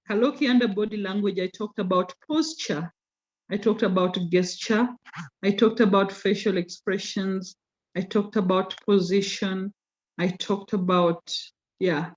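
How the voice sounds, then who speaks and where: A woman teaching a class online, slowing down to stress key terms and teasing students by name. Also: medium pitch, a little mellow. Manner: code-switches into Swahili, teasing students by name. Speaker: communication skills lecturer. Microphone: video call. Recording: lo-fi video call audio.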